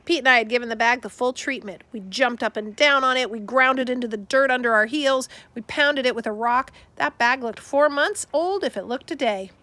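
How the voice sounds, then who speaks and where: A woman narrating a chapter book with steady, expressive reading. Her voice sits slightly high for a woman. The recording is close and dry with no room sound. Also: a little fast, hardly any pauses, no echo. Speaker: audiobook narrator. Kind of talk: scripted storybook narration.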